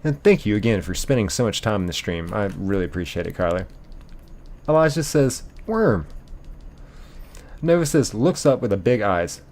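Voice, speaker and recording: A man hosting a casual live stream, reading viewer comments aloud in an animated way, laughing easily and thanking viewers by name. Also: on the low side, moderate pace, pauses often. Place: apartment bedroom.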